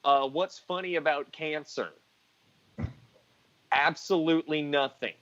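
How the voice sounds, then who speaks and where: Rambling, self-mocking comic guest, slightly high voice, very dry sound. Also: male voice, steady tone, a little slow, a bit bright, dry recording, highs cut off. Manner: joking, rambling self-deprecating storytelling. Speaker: guest comedian. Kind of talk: casual chat on a live stream.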